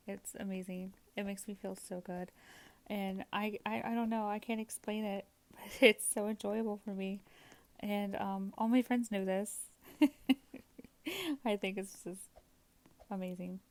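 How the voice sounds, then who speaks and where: A woman's voice: mid-range voice, flat delivery, a little slow, gravelly. Giggly woman narrating her gameplay. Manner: giggly, chatty, rambling with many fillers. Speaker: gaming channel host. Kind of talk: casual gameplay commentary voice-over.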